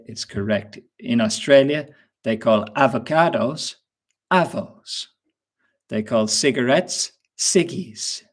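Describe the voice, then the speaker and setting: A man with an Irish accent teaching English in a webinar, explaining words slowly and patiently with examples. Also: medium pitch. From Ireland. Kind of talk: webinar lesson.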